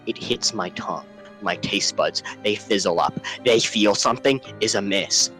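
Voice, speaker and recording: A man telling a comic story, profane and exaggerated, swinging from hushed murmurs to shouted rants. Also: fairly low pitch, normal speed, soft background music, rough recording. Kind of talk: comedic storytelling.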